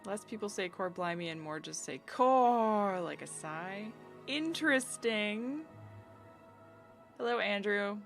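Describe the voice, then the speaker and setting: A woman's voice: medium pitch, unhurried, gravelly, pauses often, a bit bright, faint music behind. An American woman streaming live, chatting casually with viewers in a giggly, filler-heavy way.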